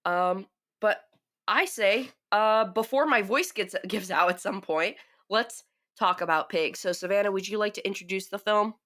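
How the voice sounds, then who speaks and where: A woman's voice: mid-range voice, normal speed. A woman co-hosting a film review podcast, chatting casually, laughing and acting out quotes. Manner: animated, laughs often, acts out quotes. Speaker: podcast co-host.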